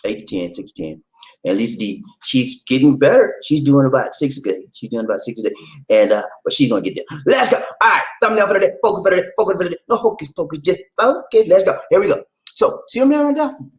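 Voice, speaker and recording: Animated man with a lively voice. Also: fairly high pitch, fast, poor audio. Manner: animated, repeats phrases, calls out to viewers. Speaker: relationship talk host. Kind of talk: casual live-stream talk.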